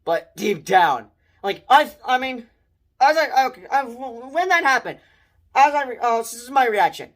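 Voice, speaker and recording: A man's voice: high-pitched, moderate pace. A young man talking through a movie review in a loose, unscripted way. He rambles and trips over his words, restarting sentences often. He gets worked up and swears now and then. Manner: rambling, excitable, many restarts and mild swearing. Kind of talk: casual spoiler movie review.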